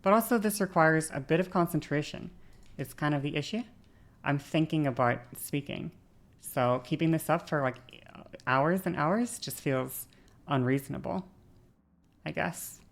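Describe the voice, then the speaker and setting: A woman streamer chatting casually, shifting her voice between a lower and a lighter register, with vocal fry. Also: moderate pace. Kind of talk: casual chat while gaming.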